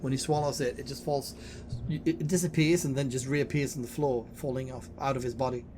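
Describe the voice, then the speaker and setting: A man narrating a tabletop horror game as game master, speaking English as a second language, halting and repeating words as he goes. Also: mid-range voice, steady tone, background noise. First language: Swedish.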